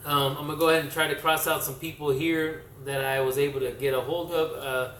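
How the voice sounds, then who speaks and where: A man's voice: a little high, level tone, fairly quick, fairly bright tone, slight background noise. Rambling man in an echoey room. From California. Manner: rambling, self-correcting storyteller. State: slightly worn voice from yelling. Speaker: comic book vlogger. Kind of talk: casual recap talk to camera.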